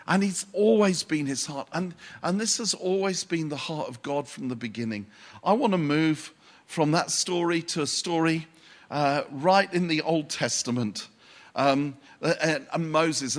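A man preaching a sermon, unhurried and pausing for emphasis, with dry asides. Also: fairly high pitch.

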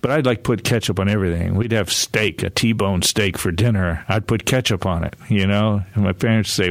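A man's voice: on the low side, normal speed, vocal fry, hardly any pauses, no room sound. A man in his sixties, an author telling a casual, rambling story with frequent chuckles and restarts. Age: 60s. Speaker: author and guest speaker.

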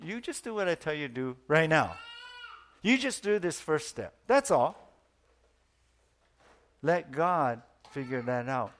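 A preacher giving voice to God, calm and reassuring, telling a worried listener not to fret. The voice is gentle and soothing. It stays slightly high. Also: male voice, measured pace, pauses often.

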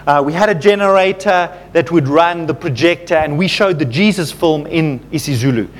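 A man's voice: fairly high pitch, moderate pace, slight background noise. A man preaching a sermon, telling a story to his congregation and calling them folks, growing fervent as he goes.

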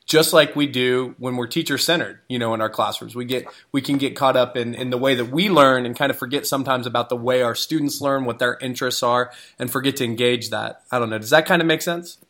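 A male co-host speaks in a reflective, searching way, pausing on fillers as he thinks. His voice sits in a middle pitch for a man, and his tone is casual and conversational. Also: steady tone, fairly bright tone. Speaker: podcast co-host, higher-ed educator. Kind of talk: casual podcast chat.

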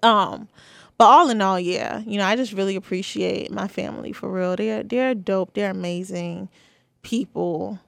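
Young woman just chatting on her podcast, lots of like and you know, pretty mid-pitched, dry room. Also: steady tone, normal speed, vocal fry, no echo. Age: 20s. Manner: chatty, candid, many "you know" and "like" fillers. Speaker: podcast host. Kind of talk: casual solo podcast talk.

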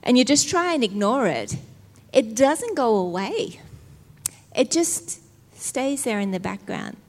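A woman's voice: a little high, big pitch swings, slow pace, darkish tone. Fervent woman preaching in a hall. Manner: emotional, fervent, conversational. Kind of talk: sermon. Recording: long hall reverb.

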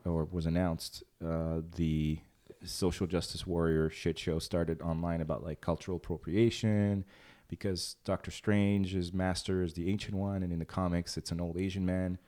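A man with a very low voice hosts a casual podcast chat. He rambles loosely, cracks jokes and restarts his sentences often. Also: level tone, normal speed, hardly any pauses, warm tone. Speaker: podcast host.

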